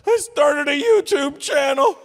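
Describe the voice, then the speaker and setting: A man in a stand-up bit putting on a whiny, self-satisfied young male influencer in a shrill, drawn-out voice. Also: expressive, raised voice. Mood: smug. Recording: echoey hall from a distance.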